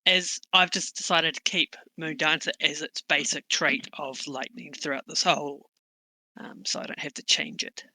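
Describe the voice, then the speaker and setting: A woman's voice: low voice, normal speed, sharp tone, low-quality recording. A woman playing in an online tabletop game, chatty and hesitant with many fillers. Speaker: player. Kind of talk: casual tabletop game chat.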